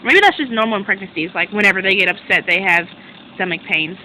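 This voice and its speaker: A young woman recapping a TV drama in a casual chat to her webcam at home, excitable and rambling, correcting herself as she goes. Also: medium pitch, fast, slight background noise, poor audio. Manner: excitable, rambling, self-interrupting. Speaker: drama reviewer.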